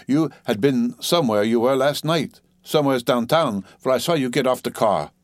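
A man's voice: medium pitch, normal speed, no room sound, clean studio sound, close to an everyday voice. A man voicing a jealous laborer husband who speaks in a hard, accusing, clipped way in an audiobook.

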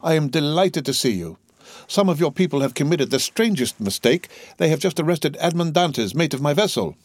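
A man's voice: fairly low pitch, moderate pace, a little mellow, no echo, close to an everyday voice. A man voicing an anxious middle-aged shipowner who eagerly pleads for his young mate in a raised, imploring voice, in a dry, close recording. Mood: pleading.

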